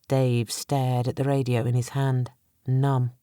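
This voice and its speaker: A woman narrating an audiobook in a dramatic, measured storytelling manner. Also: a bass voice, little pitch movement, mellow, clean tone, dry recording, studio quality. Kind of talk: scripted narration.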